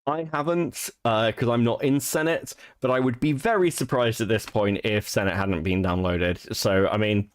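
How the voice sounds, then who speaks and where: A man's voice: medium pitch, moderate pace, few pauses. A man hosting a commentary stream, blunt and sarcastic, swearing freely. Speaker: stream host.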